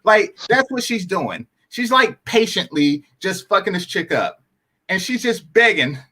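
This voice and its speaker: A man's voice: high-pitched, sing-song, measured pace, pushed and bright. A man hosting a live stream, reacting to a clip with gleeful, sarcastic commentary.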